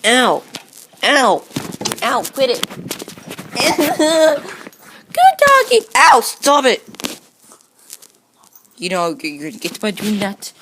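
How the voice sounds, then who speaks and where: A woman's voice: mid-range voice, lively intonation, slow, long pauses, fairly bright tone, a little hiss or hum. A woman talking casually to her pet dog in a home video, teasing and scolding it over and over, with playful growls. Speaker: dog owner.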